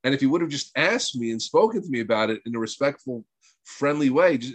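A man's voice: mid-range voice, lively intonation, quick pace, no room sound. A man teaching a weekly group session in an earnest, emphatic way, rambling with restarts and using Hebrew terms. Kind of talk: informal spiritual talk.

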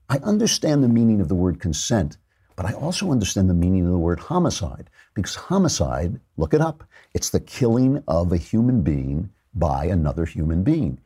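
A man's voice: low voice, very animated, moderate pace, dark tone, breathy edge. A man hosting a political talk show, giving sarcastic, mocking commentary.

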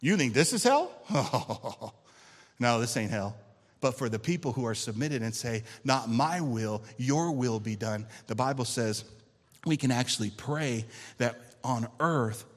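A male pastor preaching a sermon to his church, shifting between loud emphatic lines and quiet intense ones and calling out for amens. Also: medium pitch, lively intonation, unhurried, big-room sound. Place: church sanctuary.

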